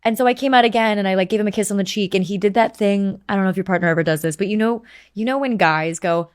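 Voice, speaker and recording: A young woman in her twenties, a podcast guest, telling a story in a lively, animated way and swearing freely in casual chat. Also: mid-range voice, fast, dry recording, studio quality. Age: 20s.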